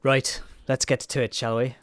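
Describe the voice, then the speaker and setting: A man giving relaxed live commentary on a game he is playing, chatting with viewers and laughing often. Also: mid-range voice, moderate pace. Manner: chatty, chuckling, talks to viewers. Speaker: streamer.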